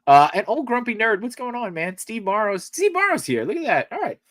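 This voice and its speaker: A man's voice: sits high, sing-song, brisk, a bit bright, dry recording. A man hosting a podcast, greeting guests and laughing often in casual chat. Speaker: podcast host.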